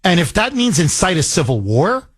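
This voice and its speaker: A man's voice: sits high, big pitch swings, normal speed, fairly bright tone, slightly rough, no room sound. A man hosting a political talk radio show, speaking in a heated, emphatic way and driving his points home with repetition.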